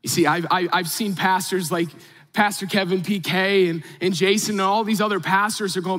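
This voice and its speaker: A man's voice: high-pitched, fairly even intonation, fairly quick, a bit bright. A male pastor preaching a sermon in a casual, conversational way to a church audience. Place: large church auditorium. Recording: hall reverb.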